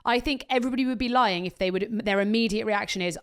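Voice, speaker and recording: A woman's voice: on the high side, fast, a bit bright, smooth. A woman co-hosting a podcast in casual, playful chat. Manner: chatty, playful, swears and jokes. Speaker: podcast co-host.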